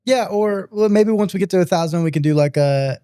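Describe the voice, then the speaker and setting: A man co-hosting a show talks quickly and casually. His pitch is a bit high, and he tends to repeat his words as he goes. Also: warm tone, clear, resonant tone. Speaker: co-host and producer. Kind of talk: casual chat.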